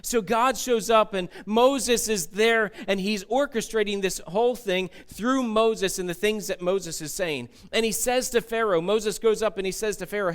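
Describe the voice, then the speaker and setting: A man's voice: sits high, moderate pace, hardly any pauses, clean tone. A man preaching a sermon as pastor, conversational, repeating key phrases and putting questions to the congregation. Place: church.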